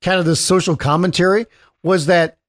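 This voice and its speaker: High-pitched guy gushing about a movie, explains stuff, says like a lot. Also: fairly even intonation, moderate pace, fairly bright tone. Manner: eager, explanatory, uses filler like "like". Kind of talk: casual movie discussion.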